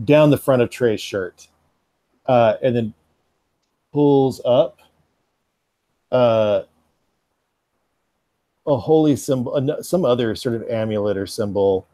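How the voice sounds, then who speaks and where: A man running a tabletop game, talking through each scene with frequent pauses and fillers. His voice is mellow and sits in an ordinary range. The sound is dry and close. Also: on the low side, no room sound. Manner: descriptive, halting with fillers. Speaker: game master.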